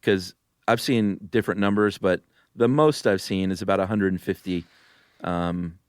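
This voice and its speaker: A man co-hosting a podcast in casual chat, easygoing and quick to laugh. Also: sits low, no echo, clean studio sound. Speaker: podcast co-host.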